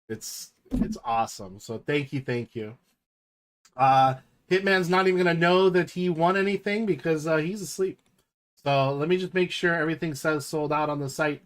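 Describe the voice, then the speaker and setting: Unhurried high-voiced man hosting a livestream. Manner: unhurried, reads names out one by one; excited horse-race commentary. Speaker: card break host. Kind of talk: casual livestream chat.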